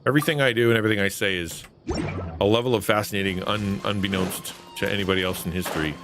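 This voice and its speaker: A man's voice: on the low side, steady tone, fast, background noise. A man streaming a video game, chatting playfully with his viewers and teasing himself as he plays. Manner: playful, self-mocking, chatty with chat. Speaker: gaming streamer and host. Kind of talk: casual live gameplay commentary. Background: game music.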